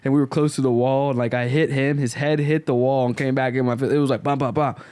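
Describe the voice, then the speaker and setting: A man in his twenties hosting a podcast, telling stories in a lively, casual way and laughing often. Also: mid-range voice, quick pace, clear, resonant tone, no echo. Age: 20s. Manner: animated storytelling, laughs often. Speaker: podcast host.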